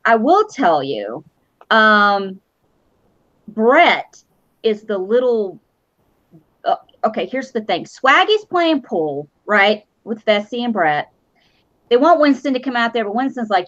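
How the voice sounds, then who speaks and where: A woman's voice: fairly high pitch, very animated, slow pace, pauses often, a bit bright. A woman hosting a casual fan show chat, blunt, profane and sarcastic. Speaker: host. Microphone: streaming mic. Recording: lo-fi online stream audio.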